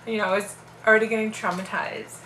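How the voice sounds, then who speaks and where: A woman's voice: mid-range voice, fast talker, roomy sound, slight background noise, rough recording. A young woman casually telling a personal story on her vlog, acting out what people said. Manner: animated, acts out quoted voices.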